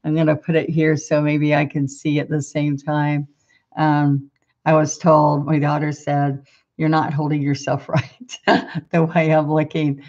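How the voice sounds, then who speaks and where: A woman's voice: sits low, flat delivery, measured pace, darkish tone, dull audio. A middle-aged woman with a Southern accent, hosting a live painting lesson in casual chat, greeting viewers by name and laughing often.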